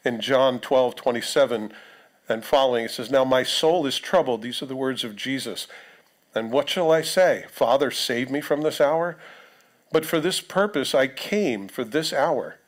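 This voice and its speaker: A man's voice: medium pitch, normal speed. A male pastor preaching a sermon in a conversational way, reading scripture aloud and putting questions to the congregation.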